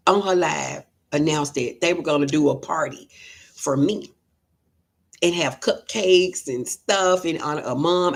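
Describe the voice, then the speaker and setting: A middle-aged woman chats on a livestream with a rough, gravelly edge to her voice. Her tone is breathy and husky as she tells emotional, heartfelt stories and answers viewer comments. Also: fairly low pitch. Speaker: livestream host. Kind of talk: casual livestream chat, reading viewer comments.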